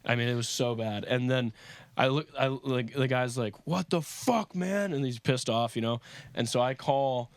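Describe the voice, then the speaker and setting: A man's voice: medium pitch, normal speed, smooth, dry recording. A young man co-hosting a podcast, telling crude stories in casual chat with lots of swearing. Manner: profane, animated storyteller. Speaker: podcast co-host.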